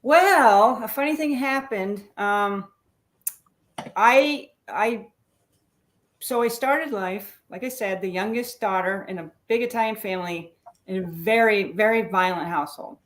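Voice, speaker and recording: A woman's voice: medium pitch, a little slow. A middle-aged woman, a retired police lieutenant, telling her story as a guest in a candid, self-deprecating way. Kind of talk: casual interview talk.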